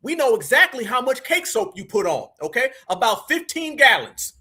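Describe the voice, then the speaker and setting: A man's voice: very high-pitched, big pitch swings, normal speed, bright, forceful tone. A man hosting a live stream, talking in a fiery, preachy way and calling his viewers family. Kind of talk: heated live commentary.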